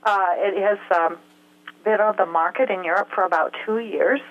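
A woman with a medium-pitched voice appears as a health expert guest in an interview, explaining step by step at a moderate pace with frequent filler sounds. Her voice comes through a tinny telephone line with a little hiss or hum.

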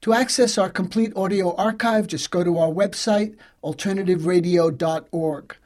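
A man reading a scripted radio announcement as the program host, in a measured, even delivery. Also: high voice.

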